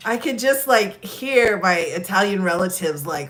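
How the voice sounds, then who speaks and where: A woman's voice: mid-range voice, expressive, unhurried, a bit bright. A woman chatting casually on a live stream, telling stories and laughing often. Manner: giggly, chatty, lots of laughter.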